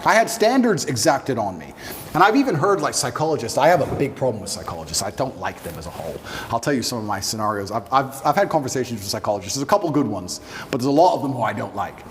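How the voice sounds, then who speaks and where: A man in his thirties being interviewed, talking forcefully and firing off rhetorical questions. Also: mid-range voice, very animated, fast talker, slight background noise. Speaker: interview guest. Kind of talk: emphatic interview talk. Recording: room with long reverb.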